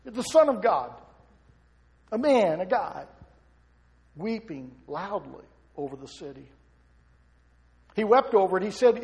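Very animated and unhurried, a middle-aged pastor preaches with passion in a high-pitched, slightly mellow voice marked by vocal fry. He pauses often between rhetorical questions, and a large hall's long reverb follows each one.

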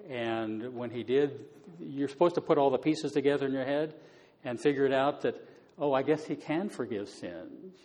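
A man explaining Bible passages in a relaxed, conversational teaching style, with many fillers. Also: mid-range voice, normal speed, in a large hall. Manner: conversational, many fillers, paraphrases scripture casually.

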